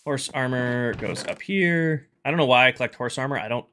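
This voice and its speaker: A man's voice: medium pitch, moderate pace, bright, forceful tone, a little hiss or hum. A man streaming a game live, chatting casually, thinking aloud as he sorts items and greeting viewers in chat.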